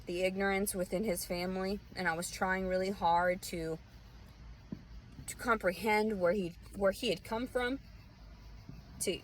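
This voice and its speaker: A woman's voice: medium pitch, slight background noise, poor audio. A young woman, venting bitterly and profanely in a rambling personal monologue. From Southern US. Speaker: vlogger.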